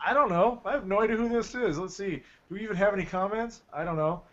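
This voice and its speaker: A man's voice: sits high, quick pace. A man in a casual chat about games, easygoing with short remarks. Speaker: podcast co-host. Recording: dull lo-fi sound.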